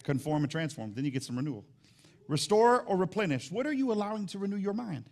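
A man preaching a sermon in a church, his voice pitched high and roughened by a gravelly fry. He swings between quiet, muttered asides and loud, rousing exhortation, leaning into the crowd one moment and confiding the next. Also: big pitch swings, fast. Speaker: pastor.

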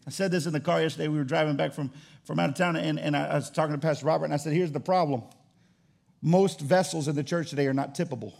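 A male pastor preaching a fervent sermon, swinging from loud calls to hushed asides. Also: a little high, steady tone, quick pace, gravelly.

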